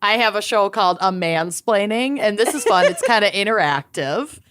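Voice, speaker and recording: A chatty, playful woman with a Minnesotan accent, co-hosting a podcast. Her pitch is mid-range but moves up and down with a lot of life. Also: expressive, moderate pace, a bit bright, clear, resonant tone. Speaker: podcast co-host. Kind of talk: casual chat.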